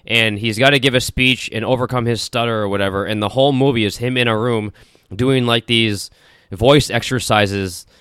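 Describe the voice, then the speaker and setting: A man's voice: mid-range voice, normal speed, a bit bright, clean tone, no room sound, studio quality. A man co-hosting a podcast, rambling and swearing in casual banter about movies, laughing often. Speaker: podcast co-host.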